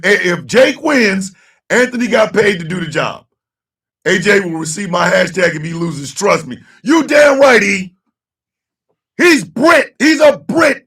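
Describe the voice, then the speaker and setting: A man hosting a casual talk show, ranting loudly and cursing, swinging between shouting and low mutters. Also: distant mic. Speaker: host.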